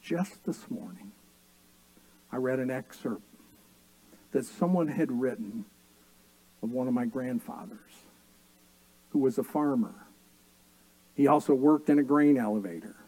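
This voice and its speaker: A man's voice: medium pitch, lively intonation, a little slow, pauses often, dark tone, low-quality recording. A middle-aged man, a pastor, preaching a sermon and telling family stories with dry humor.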